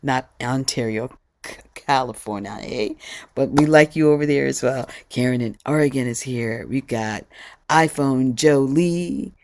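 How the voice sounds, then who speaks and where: A woman's voice: very deep voice, a little slow, a little mellow. A woman leading an online sing-along on a video call, upbeat and chatty, greeting participants one by one. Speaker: song leader.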